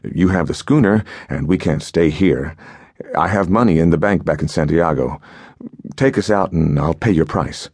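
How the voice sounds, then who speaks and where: A worried, earnest adventurer father, voiced by a man reading a storybook. His voice sits extremely low and deep, recorded close and dry with no room sound around it. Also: normal speed, a little mellow, breathy edge, no echo. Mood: pleading.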